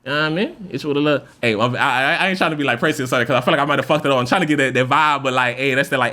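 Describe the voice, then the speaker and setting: Male podcast host, fast casual monologue, mid-range voice, profane and animated. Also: mid-range voice. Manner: loose, profane, animated speaker who acts out example voices.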